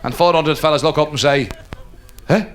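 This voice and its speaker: A man doing a live stand-up comedy routine, telling stories animatedly and dropping into quick put-on voices. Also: on the high side, fairly even intonation, fairly bright tone, a faint crowd. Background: audience laughter.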